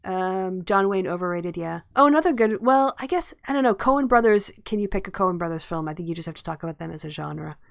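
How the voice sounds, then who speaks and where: A woman's voice: lowish voice, animated, a little fast, gravelly, few pauses, no echo, studio quality. A tired woman hosting a podcast, chatting casually and laughing often. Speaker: podcast host. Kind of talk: casual chat.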